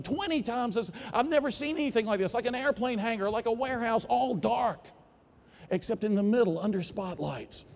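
A man's voice: very high-pitched, in a large hall. A man with a Southern US accent, a philosophy professor giving a keynote and acting out the dialogue in his stories. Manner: animated storyteller acting out dialogue. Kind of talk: storytelling keynote speech. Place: large conference hall.

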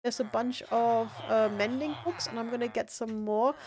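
Streamer host: a woman with a slightly high voice, talkative and rambling. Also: moderate pace, a little mellow. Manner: chatty, rambling with fillers and restarts. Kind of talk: casual gaming stream chat.

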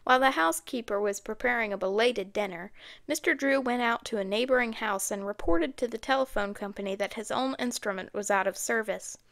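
Woman reading an audiobook, higher voice. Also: brisk, gravelly. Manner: steady storytelling. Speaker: audiobook narrator. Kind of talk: scripted narration.

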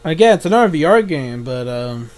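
A young man giving live reaction commentary, excitable, thinking aloud and swearing often. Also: fairly high pitch, fairly quick. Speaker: YouTube reaction host.

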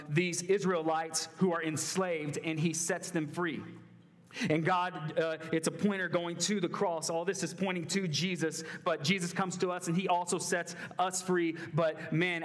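A young man delivers a casual, conversational sermon, often restarting his sentences. His voice sits a little high and stays fairly level in pitch. The sound rings out with the long reverb of a large hall. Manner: conversational preaching with frequent fillers and restarts. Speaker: college ministry preacher.

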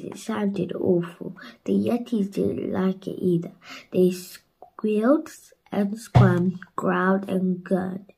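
A woman reading a children's bedtime story aloud in a slow, gentle way. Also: medium pitch, gravelly, husky, poor audio.

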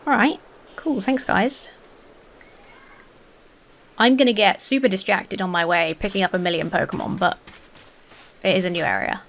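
A woman's voice: medium pitch, normal speed, gravelly, pauses often, a bit bright. A woman hosting a casual let's-play, chatty and gushing, swearing casually, with faint game music behind her. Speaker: gaming video host.

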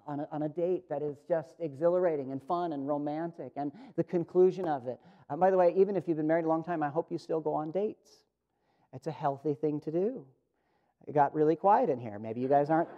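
Male pastor, high-pitched, earnest sermon delivery with emphatic swells; dull lo-fi sound. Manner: earnest, emphatic, rising for emphasis and dropping to a hush. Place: church sanctuary. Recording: dull lo-fi church recording.

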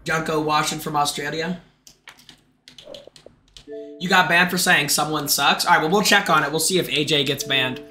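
High, sharp-voiced excitable young streamer man. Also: moderate pace, long pauses, soft background music. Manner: excitable, shouty, talks to chat. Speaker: gaming streamer. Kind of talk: live game commentary.

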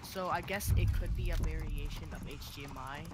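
A man's voice: on the high side, fairly even intonation, moderate pace. A young man streaming a game, chatting casually with hesitant fillers as he rambles. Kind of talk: casual gaming chat. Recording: loud game noise behind. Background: game sounds, horses, vehicles.

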